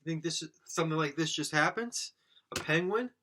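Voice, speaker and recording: Speaking quickly in a slightly high, sharp voice, a man runs a goofy podcast by himself, with a little hiss or hum in the background. The rambling comic monologue is absurd and self-mocking, aimed at an imagined audience.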